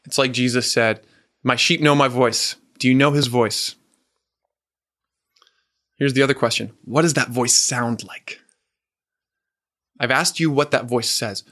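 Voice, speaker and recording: A married man preaching a sermon, earnest and emphatic, slowing down and questioning the audience. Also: medium pitch, fairly bright tone.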